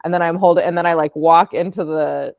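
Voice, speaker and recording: A chatty woman with a slightly low voice talks through her creative projects, upbeat and full of fillers. Her sound is dry and a little muffled, like audio from an online call. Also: fairly even intonation, a little fast, vocal fry, no room sound. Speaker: podcast producer and audio artist. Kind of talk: casual presentation.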